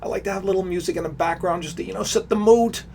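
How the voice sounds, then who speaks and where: A man's voice: high voice, rapid-fire, creaky, darkish tone, slightly rough. A man hosting a casual live stream, talking straight to his viewers, greeting them and rambling with frequent restarts. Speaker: livestream host.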